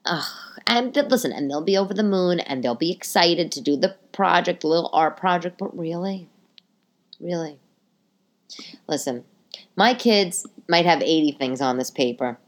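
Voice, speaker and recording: A woman's voice: fairly low pitch, animated, moderate pace. A woman in her thirties hosting a casual solo podcast from home, venting in an exasperated, swearing rant. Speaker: podcast host. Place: home living room.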